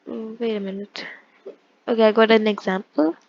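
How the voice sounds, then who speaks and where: A woman's voice: on the high side, steady tone, normal speed, gravelly, darkish tone, highs cut off. A woman teaching an online language lesson, explaining step by step and often correcting herself mid-sentence. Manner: explains step by step, with frequent self-corrections and fillers.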